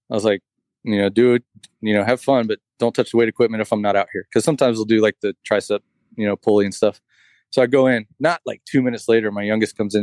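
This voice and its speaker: A man's voice: on the low side, darkish tone, no room sound. Man, casual podcast chat, dry close sound, rambling anecdote delivery with plenty of fillers. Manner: rambling storyteller, heavy on fillers like "like" and "you know".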